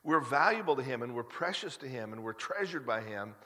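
Brisk and sharp, this middle-aged pastor speaks at medium pitch with lively intonation. He delivers a confessional, conversational sermon with many restarts that builds to emphatic highs, echoing in a long hall reverb.

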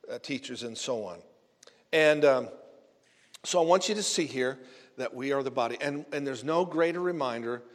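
A man's voice: medium pitch, long reverb tail. A man pastor preaching a conversational sermon, earnest, often repeating his words. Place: church sanctuary.

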